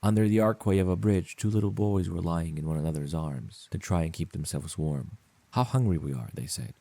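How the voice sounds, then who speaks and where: Calm male audiobook narrator; low, mellow, husky. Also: brisk.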